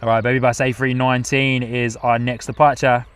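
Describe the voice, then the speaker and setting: A man's voice: mid-range voice, little pitch movement, a little fast, a bit bright, clear, resonant tone. Chatty man commentating planes outdoors. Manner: chatty, reads out viewer comments, laughs often. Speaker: live-stream host. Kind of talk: live plane-spotting commentary. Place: outdoors at an airport.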